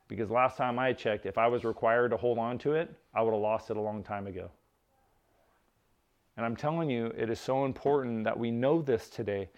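A man's voice: medium pitch, brisk, dull audio. A male pastor preaching a sermon in a conversational way who often checks in with "right?" and drops joking asides. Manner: conversational, tags points with "right?", jokes aside.

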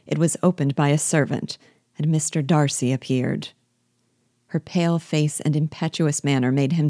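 A woman reading a classic novel aloud as a book guide, in a measured, clear storytelling manner. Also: low voice, dark tone, no echo, studio quality.

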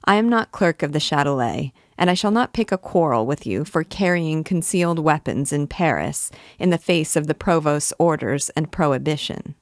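A woman's voice: low voice, no room sound, studio quality. Woman reading as an earnest, wordy young poet.

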